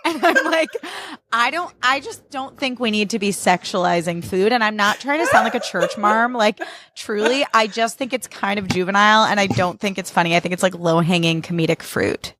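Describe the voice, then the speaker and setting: A woman's voice: medium pitch, moderate pace, background noise. A woman hosting a podcast in casual chat, blunt and sarcastic, swearing freely. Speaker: podcast host.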